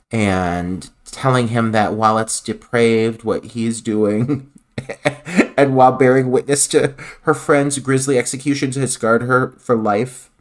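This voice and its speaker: A man's voice: medium pitch, a bit bright. A man co-hosting a film podcast who recaps scenes analytically and laughs often. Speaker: podcast co-host. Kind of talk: casual film review chat.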